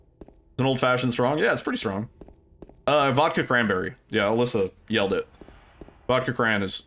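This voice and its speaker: A man's voice: mid-range voice, sharp tone. A young man livestreaming, chatting casually with viewers, rambling with fillers, laughing often and swearing freely.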